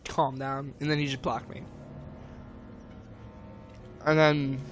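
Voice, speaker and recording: A man's voice: fairly high pitch, flat delivery, slow pace. A young man streaming, rambling and agitated as he retells a falling-out, with lots of fillers and restarts. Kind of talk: casual stream chat, retelling a conversation.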